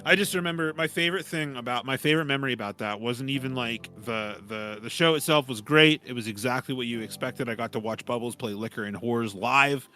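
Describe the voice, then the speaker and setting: Male podcast co-host, mid pitch, bright, lively anecdote teller, foul-mouthed. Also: a little fast, hardly any pauses, faint music behind. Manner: animated storyteller, swears freely. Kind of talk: casual chat.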